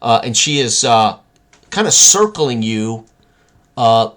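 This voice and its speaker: A man's voice: medium pitch, animated, slow, fairly bright tone. A man narrating a tabletop game as game master, describing scenes while he searches for words.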